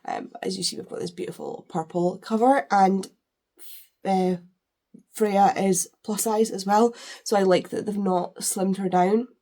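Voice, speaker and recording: A woman's voice: mid-range voice, fairly even intonation, measured pace, mellow. A woman chatting casually while unboxing books, gushing, with lots of fillers. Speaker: book vlogger.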